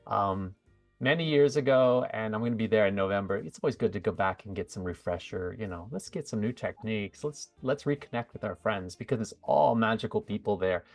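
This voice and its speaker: A middle-aged man from the USA chats through an interview with a lowish voice. He wanders between thoughts and often restarts his sentences. The sound is dry and close, with faint music in the background. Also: a little fast, no echo. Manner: chatty, rambling with fillers and self-corrections. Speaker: guest, psychic medium. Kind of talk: casual interview chat.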